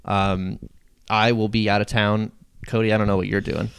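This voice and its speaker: A man's voice: lowish voice, flat delivery, normal speed, gravelly, a bit bright, smooth, dry recording. A young man co-hosting a podcast in casual, rambling, jokey chat. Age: young adult. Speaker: podcast co-host.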